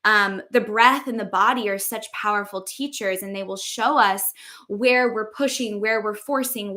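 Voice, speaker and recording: A young adult woman talks about breath and the body in a casual, meandering teaching style. Her voice is bright and clear, at a medium pitch, and she speaks unhurriedly with frequent fillers. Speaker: podcast host and embodiment teacher. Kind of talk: casual spiritual teaching talk.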